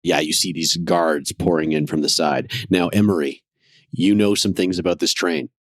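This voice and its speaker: A man's voice: sits low, steady tone, moderate pace, dry recording, clean studio sound. A man narrating as game master of a tabletop western game, describing scenes with musing, hedging asides.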